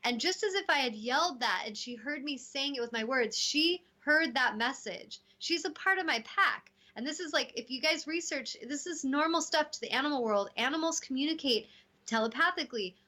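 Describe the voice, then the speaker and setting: A woman hosting a casual spiritual talk show, telling stories with lively acted-out quotes. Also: sits high, normal speed. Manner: animated storytelling, acting out voices in quotes. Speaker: host.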